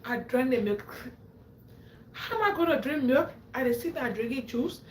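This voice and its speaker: A woman's voice: sits high, lively intonation, normal speed. A woman hosts a livestream and tells stories to her viewers. She laughs often and acts out what people said. The sound is roomy, with a faint hum of room noise behind her. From Africa. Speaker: livestream host. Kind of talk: animated storytelling to a live audience.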